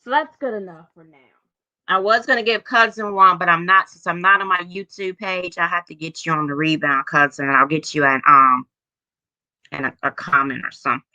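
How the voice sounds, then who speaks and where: This is a woman in her forties hosting a livestream and chatting in a casual, drawling way, blunt and full of profanity. Her voice is on the low side, brisk and fairly even, with a bright, forceful tone. The recording is dry, slightly dull lo-fi stream audio.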